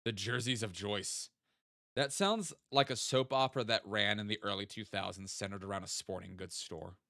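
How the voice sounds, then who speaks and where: A man's voice: on the low side, fairly quick, creaky, bright, forceful tone, no room sound, studio quality. A young man casually thinking aloud and joking while streaming a geography guessing game. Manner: chatty, thinks aloud, jokey asides. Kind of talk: casual gaming stream chat.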